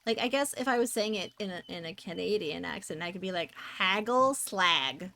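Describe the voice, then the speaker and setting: A woman's voice: medium pitch, fast, gravelly. A woman from the Netherlands chatting casually as she streams a game, bubbly and talkative while reading chat aloud. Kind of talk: casual gameplay commentary.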